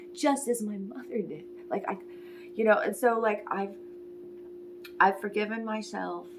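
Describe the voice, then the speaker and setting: Woman, forties, oracle reader; soft, meandering delivery, gravelly edge, faint background noise. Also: mid-range voice. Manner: soft, emotional and meandering, with sighs and brief whispers. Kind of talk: spiritual reading monologue.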